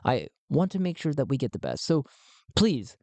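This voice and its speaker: A man voicing a polite, diplomatic mediator who speaks formally and tries to calm two rivals. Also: medium pitch, normal speed, no echo. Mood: placating. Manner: courteous and placating, formal speech.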